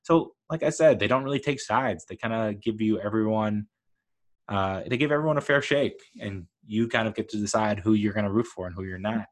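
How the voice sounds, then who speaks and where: A man's voice: on the low side, fairly quick. A man giving a casual, rambling spoken review of a TV show, enthusiastic and full of fillers like "uh" and "like".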